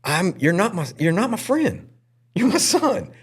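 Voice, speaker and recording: Animated, earnest male pastor. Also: measured pace, slightly rough. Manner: earnest and emotional, with lively pitch swings. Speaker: pastor and podcast host. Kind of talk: candid personal storytelling in a podcast chat.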